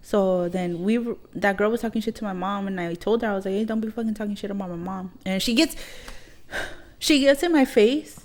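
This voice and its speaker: A woman's voice: medium pitch, fairly quick, a little mellow. A young woman, co-hosting a podcast and retelling a run-in with lots of swearing and quoted dialogue. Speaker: podcast co-host. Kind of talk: casual storytelling chat.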